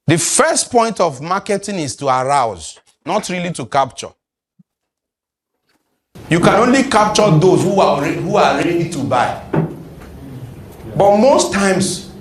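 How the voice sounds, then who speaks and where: A man, teaching a sales class and quizzing his audience. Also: on the high side. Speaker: sales trainer. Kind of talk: classroom lecture.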